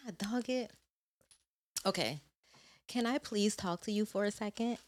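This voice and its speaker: A woman's voice: medium pitch, measured pace, very noisy. A woman in casual chat, bantering playfully in slang and laughing often.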